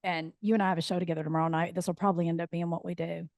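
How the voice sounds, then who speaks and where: A woman's voice: on the low side, level tone, no echo. Woman, comedian guest, joking, emotional, dry close mic. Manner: playful, quick jokes, emotional. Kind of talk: casual chat.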